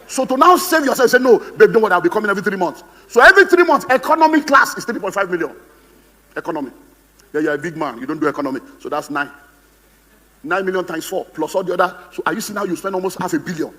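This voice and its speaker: High-pitched fast Nigerian speaker. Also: male voice, pushed and bright, big-room sound. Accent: Nigerian English. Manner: humorous, theatrical, acts out quoted voices. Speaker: motivational speaker. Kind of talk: animated seminar talk. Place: conference hall on stage.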